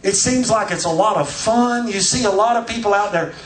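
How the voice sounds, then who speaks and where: High-voiced preacher in an echoey church. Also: male voice, brisk, distant mic. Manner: preaching with rising shouts. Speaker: pastor. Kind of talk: sermon.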